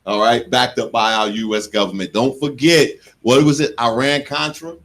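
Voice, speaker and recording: Animated joking radio host man. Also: medium pitch, normal speed. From United States. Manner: animated, joking storyteller who laughs at himself. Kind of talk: casual radio talk. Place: radio studio.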